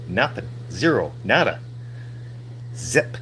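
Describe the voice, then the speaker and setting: A man's voice: on the low side, moderate pace, slight background noise. A man ranting in a heated, profane way into a handheld phone on a livestream. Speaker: veteran livestreamer. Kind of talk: angry livestream rant.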